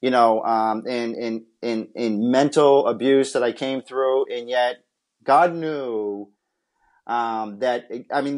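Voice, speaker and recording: A man from Massachusetts speaks as a podcast guest at an ordinary, mid-range pitch. He tells his life story earnestly and from the heart, in the style of a personal testimony. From Massachusetts, USA. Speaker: interview guest, former pitcher and scout.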